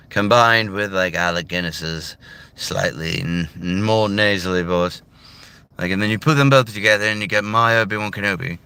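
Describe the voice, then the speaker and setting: A man's voice: low-pitched, normal speed, bright, forceful tone, smooth. A man chatting casually and ramblingly in a car, full of "you know" and "like". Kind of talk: casual talk about doing voices.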